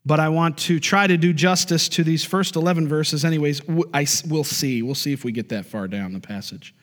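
High-voiced male preacher in a reverberant hall. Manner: reads scripture slowly, then preaches in an easy joking tone. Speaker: pastor. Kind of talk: sermon. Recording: long reverb of a large hall.

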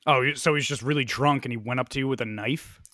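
A young man in casual chat, telling a profane, animated story full of fillers like "like" and "uh". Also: medium pitch, fast, no room sound.

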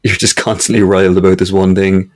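A man's voice: low-pitched, level tone, brisk, a little mellow. A young man co-hosting a podcast with his father, dry and wry, swearing casually. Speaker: podcast co-host, son. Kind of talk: casual chat.

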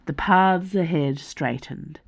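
A woman author reading her own fantasy novel aloud as scripted audiobook narration, measured and deliberate. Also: low-pitched, gravelly.

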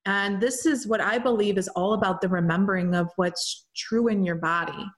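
A young woman hosting a show, telling a personal story in a loose, chatty way with lots of fillers and run-on sentences. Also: mid-range voice. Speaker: podcast host and healer. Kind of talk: casual storytelling monologue.

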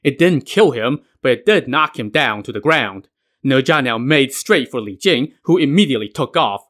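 A man's voice: medium pitch, expressive, moderate pace, fairly bright tone. A man narrating a myth retelling in a casual way, with wry modern asides. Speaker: podcast narrator.

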